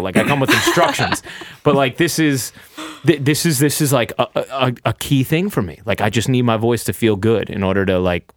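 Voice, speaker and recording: A man's voice: mid-range voice, no echo. Chatty male sports announcer, dry studio sound. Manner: chatty, rambling, self-deprecating storyteller. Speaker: sports play-by-play announcer, podcast guest. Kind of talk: casual podcast chat.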